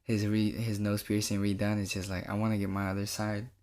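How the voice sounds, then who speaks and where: Young man, podcast co-host, laid-back, slangy, cusses, quick reactions. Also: on the low side, monotone, a little mellow. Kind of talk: casual chat.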